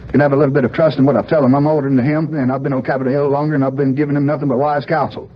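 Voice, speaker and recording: A man's voice: medium pitch, little pitch movement, racing, muffled recording, lightly acted. A man playing a blustering older politician, talking in a folksy, rambling, agitated way.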